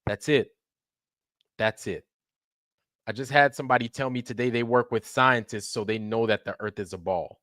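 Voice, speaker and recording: A man's voice: mid-range voice, normal speed, pauses often, fairly bright tone, no echo, studio quality. A man hosting a livestream, ranting sarcastically with heavy swearing and greeting viewers in chat by name. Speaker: livestream host.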